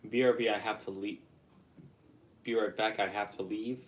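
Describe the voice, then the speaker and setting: Low-voiced casual livestreamer man. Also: fairly even intonation, moderate pace. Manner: rambling, reacting to viewer comments. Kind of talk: casual live-stream chat.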